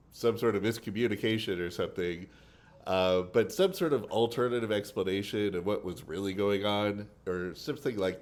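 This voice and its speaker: Deep-voiced man giving analytical commentary. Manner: explanatory, talks the listener through his reasoning.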